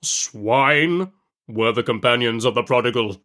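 A man's voice: medium pitch, unhurried, sharp tone. A man doing a theatrical, preachy old clerk. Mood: solemn. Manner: declamatory, theatrical. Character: solemn preachy older male church clerk.

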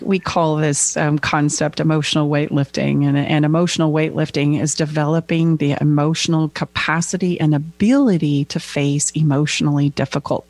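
A woman's voice: low-pitched, darkish tone, no echo. A woman co-hosting a casual discussion as a relationship coach, explaining her ideas and often tagging her sentences with "right?".

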